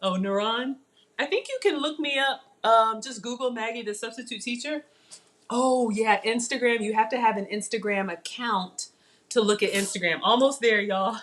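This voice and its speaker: A woman hosts a live cooking class and chats warmly with her viewers as she works. Her voice sits fairly high, and she is playful and teases herself. She talks in a lively, animated way. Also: moderate pace. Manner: chatty and animated, talking to viewers while cooking; playful, self-teasing. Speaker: cooking livestream host. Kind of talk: chatty live cooking demo.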